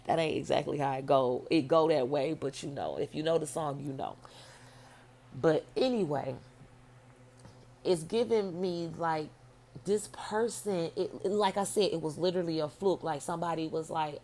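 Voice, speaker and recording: Low gravelly-voiced woman telling a story. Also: moderate pace, darkish tone, a little hiss or hum. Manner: rambling, profane, blunt. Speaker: vlogger. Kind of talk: casual storytelling monologue.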